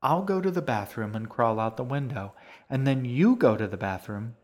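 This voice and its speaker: A man's voice: mid-range voice, expressive, normal speed, a little mellow, close to an everyday voice. A man voicing a resourceful young girl stuck in a diner, thinking up escape plans. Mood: scheming. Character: anxious, plucky young girl.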